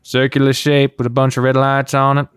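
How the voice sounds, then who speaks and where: A man voicing a gruff male bear who drawls and calls people "kid". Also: mid-range voice, monotone, a little fast, soft background music, close to an everyday voice. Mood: guarded. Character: gruff middle-aged male bear loner.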